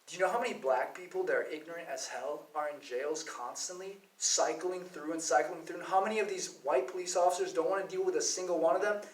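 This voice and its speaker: A man rants in a profane, rambling, heated monologue. His voice is high for a man. The sound is echoey, and he is well back from the mic. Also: quick pace, hardly any pauses. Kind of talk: ranting monologue. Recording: roomy, distant from the mic.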